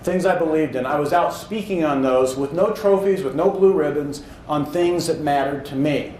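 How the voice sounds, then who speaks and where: A man's voice: on the high side, normal speed, a little mellow. A man in his thirties from Indiana, giving a motivational speech in a hall, telling stories and building to emphatic points. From Indiana, USA. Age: 30s. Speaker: public speaking champion. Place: hall with audience. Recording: roomy hall echo, faint noise.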